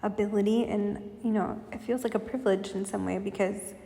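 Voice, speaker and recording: A woman gives a relaxed spiritual reading in a soft, meandering way. Her voice is mellow with a gravelly edge and stays fairly flat. The room rings with a long, echoey reverb. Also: medium pitch, fairly quick. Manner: meandering, soft-spoken, full of fillers. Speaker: spiritual channel reader. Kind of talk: casual intuitive reading.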